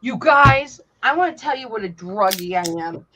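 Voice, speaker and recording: A woman's voice: fairly high pitch, moderate pace, background noise. A woman hosting a casual chat, telling stories with lots of swearing and acting out what people said. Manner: animated storyteller, swears freely, acts out quotes. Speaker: host. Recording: dull lo-fi sound.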